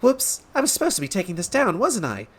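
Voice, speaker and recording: Man putting on a high bubbly girl's voice, eager young assistant, cheerful. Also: huge pitch swings, fast, slightly rough, exaggerated voice. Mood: chipper.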